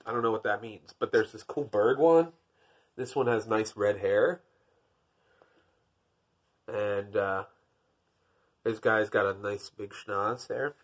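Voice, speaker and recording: Speaking slowly with long pauses in a fairly low voice, a man reads from a picture book. He keeps interrupting himself with dry, self-deprecating wisecracks between the pages.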